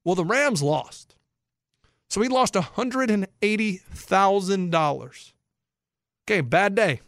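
A man hosting sports talk, animated and incredulous as he explains bets to listeners. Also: high voice, slow pace, dry recording, studio quality. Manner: excitable, incredulous, explains for non-bettors. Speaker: sports radio host.

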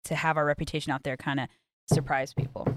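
A woman's voice: deep voice, little pitch movement, fast, heavy background noise. A woman co-hosting a podcast, bubbly and chatty in casual conversation. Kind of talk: casual chat.

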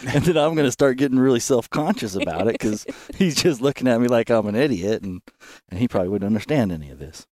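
A man hosting a podcast in casual chat, halting and repeating words, laughing often. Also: medium pitch, lively intonation, darkish tone, no room sound, clean studio sound. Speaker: podcast host.

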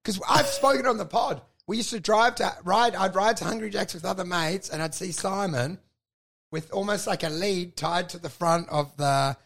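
A man's voice: sits high, normal speed, vocal fry. An Australian man, a comedian and podcast host, telling a rambling story in casual chat, swearing a lot and acting out what people said. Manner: swears a lot, acts out quotes, gets loud and shouty in the story.

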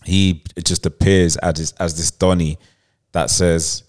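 A man's voice: sits low, level tone, takes it slowly. A man, co-hosting a podcast, casually retelling a plot with lots of fillers and laughter. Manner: rambling, many fillers, laughs while telling. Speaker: podcast co-host.

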